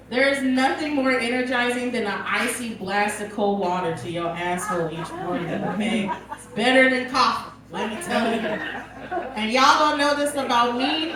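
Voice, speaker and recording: A woman's voice: fairly high pitch, normal speed, background noise. Brash woman comic in an echoey club. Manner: crude, brash storytelling, laughing at her own jokes. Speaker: stand-up comedian. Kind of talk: stand-up comedy set. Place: comedy club stage with audience. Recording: echoey club from far off, audience laughter.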